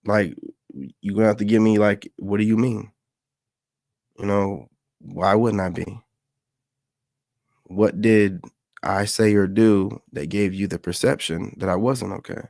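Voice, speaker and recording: A man's voice: fairly low pitch, fairly even intonation, a little slow, vocal fry, long pauses, darkish tone, no room sound, studio quality. A man hosting a reaction show, talking bluntly and with profanity. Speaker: commentary host. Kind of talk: casual reaction commentary.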